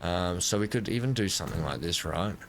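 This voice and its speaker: A man's voice: deep voice, lively intonation, brisk, slight background noise. A man giving casual let's-play commentary at a desk microphone, thinking aloud and correcting himself as he builds. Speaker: gameplay commentator.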